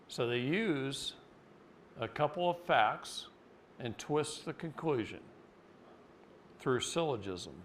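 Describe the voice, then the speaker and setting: A man from Oregon giving a seminar lecture, blunt and folksy, telling a story and then explaining a point. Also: a little hiss or hum. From Oregon, United States. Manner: folksy and blunt, acts out quotes with jumps in pitch. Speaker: seminar speaker.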